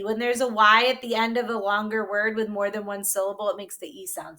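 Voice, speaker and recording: A woman's voice: medium pitch, steady tone, sharp tone. A woman teacher giving a reading lesson to young children, patiently sounding out words and checking in with a frequent "okay?". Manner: sounds out words slowly syllable by syllable.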